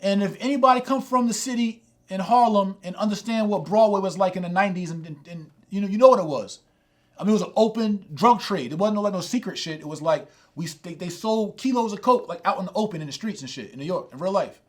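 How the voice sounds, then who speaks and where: At a quick pace, a middle-aged man tells a streetwise, profane story from his own life as a sermon. His voice drops low and quiet, then rises loud and high.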